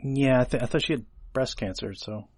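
A man's voice: medium pitch, brisk, darkish tone, breathy edge, no echo. A man co-hosting a podcast, talking through a film script in a chatty, analytical way with hesitant fillers. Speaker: podcast co-host. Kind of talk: casual discussion of a film script.

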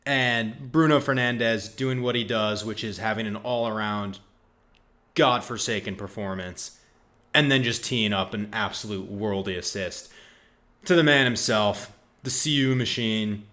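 A man's voice: on the low side, a little slow, sharp tone. A man co-hosting a casual football podcast, delivering dry, sarcastic, mock-serious takes. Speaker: podcast co-host.

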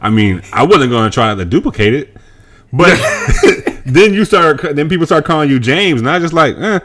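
A man co-hosting a podcast, joking in relaxed casual chat and trailing off quietly at times. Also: fairly high pitch, normal speed, noisy background. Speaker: podcast co-host.

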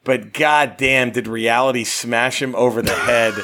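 A man co-hosting a podcast in casual chat, excitable and animated, swearing freely as he talks. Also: medium pitch, unhurried. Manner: excitable, profane, animated storytelling.

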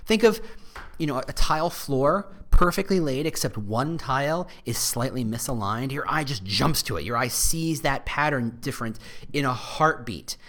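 A man talks through his ideas in a casual, animated way, his pitch jumping up and down as he makes each point. He sounds like a podcast host thinking out loud, mid-range in pitch, with quick asides. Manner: animated, conversational marketing explainer. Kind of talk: casual explanatory chat.

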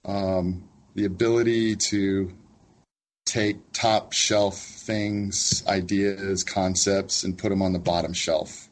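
A man, a college professor, speaking as a guest in a casual interview in a thoughtful, gently amused way. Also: low-pitched, level tone, takes it slowly.

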